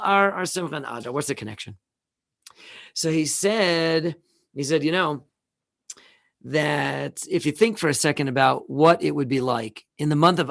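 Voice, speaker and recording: A man hosting a live online show, teaching in a casual, animated way with many restarts and fillers, over a video call. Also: a little high, vocal fry, no echo, studio quality. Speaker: host.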